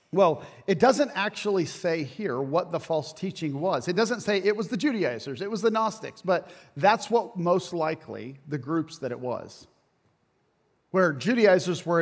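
A man preaching a sermon as pastor, animated and folksy, with jokes and asides. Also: fairly high pitch, big-room sound. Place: church sanctuary.

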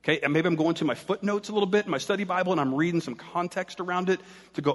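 A man's voice: sits high, very fast, long reverb tail. A man preaching a sermon as pastor, talking in a casual, conversational way and joking with the congregation.

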